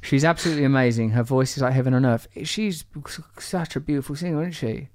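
A man's voice: medium pitch, fast talker, darkish tone, dry recording. A man hosting a podcast, teasing and rambling through asides between introductions. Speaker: podcast host. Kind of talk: playful podcast intro and banter.

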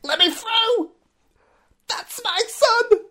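A man putting on a grief-stricken father, wailing and sobbing in a shrieking falsetto over his son. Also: drawn-out words, bright, forceful tone, exaggerated voice. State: crying.

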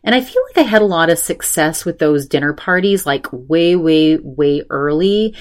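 Middle-aged woman podcast host, lower voice, rambling and animated, acts out the voices of people she quotes. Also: normal speed. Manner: chatty, animated quoting voices, many fillers. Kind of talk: casual storytelling chat.

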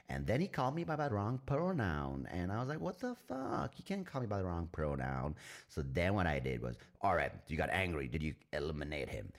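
Man doing a whiny, prickly special forces operative, indignant and self-righteous, low-voiced, pitch bouncing around.

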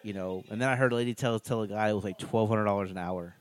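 A man's voice: fairly low pitch, steady tone, fast. A man co-hosting a podcast, chatting casually about a show they are watching and laughing often. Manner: laid-back, laughs often, acts out quotes. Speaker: podcast co-host. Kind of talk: casual reaction chat.

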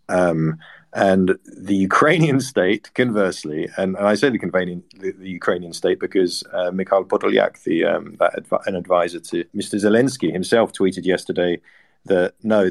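A man contributing to a news podcast, giving emphatic analysis at length. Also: deep voice.

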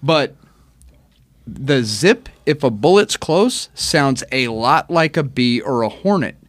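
Profane, animated man telling stories. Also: medium pitch, takes it slowly, no echo. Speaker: podcast guest, army veteran. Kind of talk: casual podcast chat.

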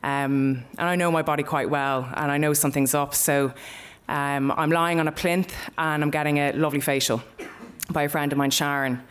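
A woman's voice: low voice, fairly even intonation, normal speed, smooth. A young Irish woman telling a personal story live, in a candid, conversational way with plenty of swearing.

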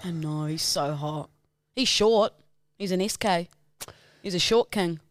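A woman's voice: lowish voice, a little slow, no room sound, studio quality. A woman co-hosting a casual podcast chat, giggly and playful. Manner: giggly, playful, tries silly accents. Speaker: podcast co-host.

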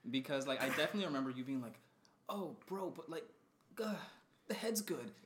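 A man co-hosting a podcast, teasing his friends in quick, playful casual chat. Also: on the high side, animated, fairly bright tone, echoey room. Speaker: podcast co-host.

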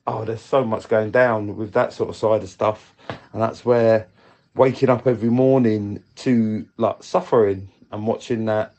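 A man's voice: mid-range voice, darkish tone. A man leaving a rambling, candid voice message for a podcast, swearing casually as he talks. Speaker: listener leaving a voice note.

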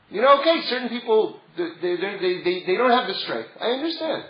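A man's voice: high-pitched, sing-song, moderate pace. A man teaching a Torah class in a conversational way, building up to emphatic passages. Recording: roomy, dull lo-fi sound.

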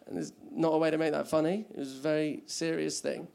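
Male comic, high pitch, gravelly fry, rambling self-deprecating stand-up. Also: steady tone, quick pace, darkish tone. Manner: rambling, self-mocking, laughing at his own jokes. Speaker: stand-up comedian. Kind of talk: stand-up comedy set.

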